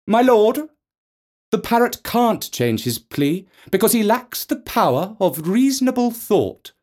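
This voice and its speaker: Stern lady lawyer arguing in court, man doing the voice, lively up and down. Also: sits high, a little slow, pitched above the performer's own voice, exaggerated voice. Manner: firm, formal courtroom delivery. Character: stern, sharp woman defence lawyer.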